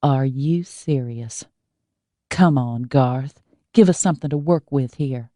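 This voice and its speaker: A woman voicing a blunt young woman who prods pointedly and slowly in an audiobook. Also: a bass voice, dark tone, no echo, studio quality. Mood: prodding. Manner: pointed, slow, prodding.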